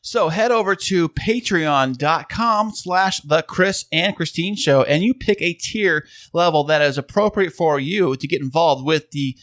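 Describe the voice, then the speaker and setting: A man co-hosting a casual podcast in a home studio, pitching like an infomercial announcer. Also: measured pace, hardly any pauses, fairly bright tone, no echo. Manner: upbeat, pitchman-like delivery. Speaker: podcast co-host. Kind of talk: casual chat, playful sales pitch.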